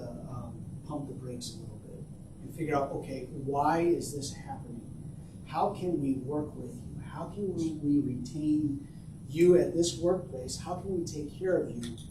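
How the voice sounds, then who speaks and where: A middle-aged man giving a workshop talk, telling family stories in a voice that drops quiet and then jumps to loud, excited bursts. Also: medium pitch. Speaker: workshop presenter. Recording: roomy echo, distant mic, faint background noise.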